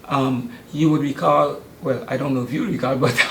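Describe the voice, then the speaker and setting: A man's voice: medium pitch, fairly even intonation, normal speed, fairly bright tone. An older man, chatting in an interview about the youth sports camp he runs, with many hesitant ums. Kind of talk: casual interview. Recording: roomy studio sound.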